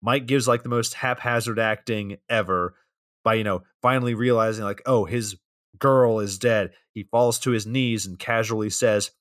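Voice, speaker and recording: Deadpan man recapping a movie plot. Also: on the low side, moderate pace, dry recording, clean studio sound. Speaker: podcast co-host recapping the plot.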